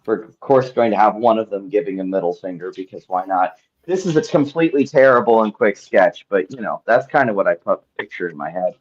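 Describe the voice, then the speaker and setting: A man's voice: on the low side, lively intonation, fairly quick, dull audio, slight background noise. A man narrating as game master in a tabletop game, rambling with lots of ums and likes.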